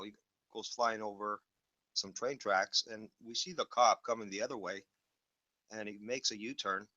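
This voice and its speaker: A man's voice: on the low side, bright, forceful tone, dry recording, lo-fi sound. A man telling a story in casual, blunt chat, swearing freely.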